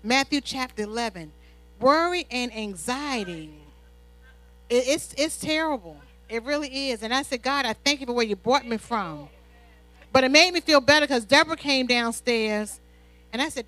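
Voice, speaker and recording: Bright high-voiced woman preaching a sermon. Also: normal speed, soft background music, low-quality recording. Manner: animated storytelling, call-and-response "Amen?". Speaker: pastor's wife preaching. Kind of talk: sermon with personal stories.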